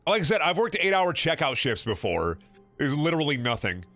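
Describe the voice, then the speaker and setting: A man's voice: a little high, big pitch swings, brisk, fairly bright tone, soft background music. A man streaming a video game, talking in a sarcastic, rambling, profane way with frequent laughing and repeated words. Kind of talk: casual game livestream commentary.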